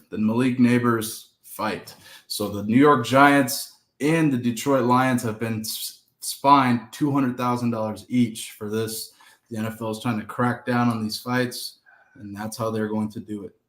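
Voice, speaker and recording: A man's voice: medium pitch, steady tone, normal speed. A man reading out breaking sports news in a plain, matter-of-fact way. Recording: echoey room.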